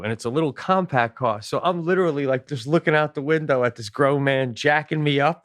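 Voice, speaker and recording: A man's voice: mid-range voice, a little fast, few pauses, dry recording, clean studio sound. A man hosting a podcast, telling a comedic story with lots of swearing and acted-out voices. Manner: animated, profane, acts out quoted voices; swears often. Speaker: podcast host.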